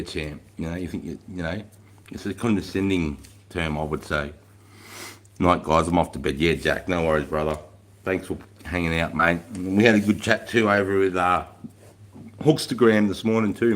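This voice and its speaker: A middle-aged man hosting a livestream in casual chat, swearing freely, rambling and laughing as he reads out viewer comments. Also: low-pitched. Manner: profane, rambling, laughs often. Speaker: livestream host.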